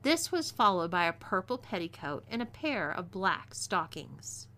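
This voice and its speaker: Bright-voiced Texan woman reading a story. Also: fairly low pitch, unhurried. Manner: twangy, expressive reading. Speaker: story narrator.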